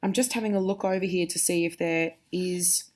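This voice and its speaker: A woman's voice: lowish voice, steady tone, normal speed, darkish tone. Woman teacher explaining reading aloud. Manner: explanatory, demonstrative. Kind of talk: reading lesson for pupils.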